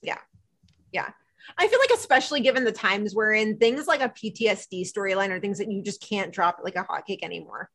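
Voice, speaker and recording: Bright-voiced woman gabbing about a show. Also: medium pitch, fairly quick. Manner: animated retelling with quoted dialogue, frequent "like". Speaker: podcast co-host. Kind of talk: casual chat recapping a TV episode.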